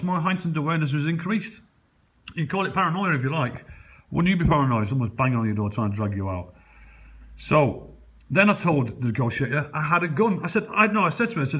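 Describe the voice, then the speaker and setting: A man, talking to camera from his flat in a low, rambling, conspiratorial way. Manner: low muttering, conspiratorial, points around his flat as he talks. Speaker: vlogger. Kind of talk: rambling first-person account to camera. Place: his home, a flat indoors.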